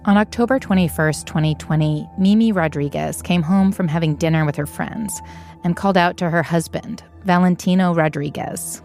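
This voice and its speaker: A woman narrating an investigative documentary in a measured, matter-of-fact way. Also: on the low side, darkish tone, soft background music. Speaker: narrator reporter.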